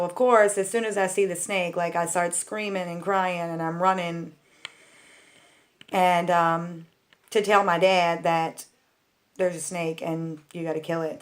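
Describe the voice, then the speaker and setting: A woman telling childhood stories to her viewers in a casual, rambling way, full of "like" and "um". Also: on the low side. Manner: chatty and candid, talks straight to viewers. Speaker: vlogger. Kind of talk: casual storytelling.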